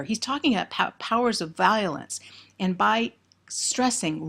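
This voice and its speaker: A woman's voice: mid-range voice, vocal fry, fairly bright tone. A woman giving a close-reading lecture on poetry, thoughtful and emphatic on key words. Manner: thoughtful, emphatic on key words, reads verse aloud slowly.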